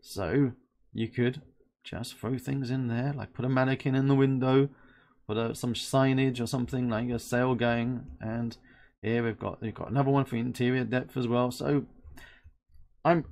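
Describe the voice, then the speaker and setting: Gravelly chatty man from London. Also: medium pitch, steady tone, normal speed, a little mellow. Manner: chatty and playful, thinking aloud. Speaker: host reviewing game assets. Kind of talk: casual screen-recording review.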